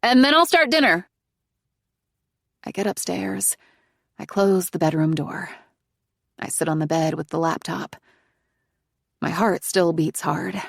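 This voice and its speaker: A woman narrating a psychological thriller audiobook in the first person, in a tense, hushed manner. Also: sits low, fairly even intonation, measured pace, vocal fry, long pauses, slightly rough, no echo, studio quality.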